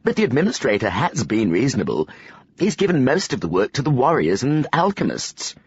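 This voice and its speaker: A man reading aloud and voicing a calm, practical woman magician agreeing with a friend. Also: medium pitch, fairly quick, husky, no room sound, lo-fi sound, pitched above the performer's own voice, full character voice. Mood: agreeable.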